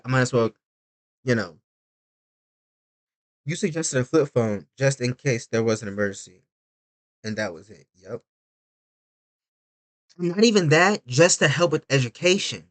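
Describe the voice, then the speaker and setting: A man giving casual reaction commentary, animated, swinging from loud outbursts to low mutters. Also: moderate pace, long pauses. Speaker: reaction video creator.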